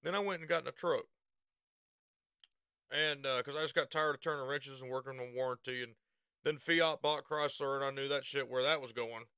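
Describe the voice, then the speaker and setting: Bright-voiced profane Southern man. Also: medium pitch, fairly even intonation, normal speed, smooth, no echo, studio quality. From Southern United States. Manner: profane, rambling, laughs at his own story. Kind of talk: casual storytelling.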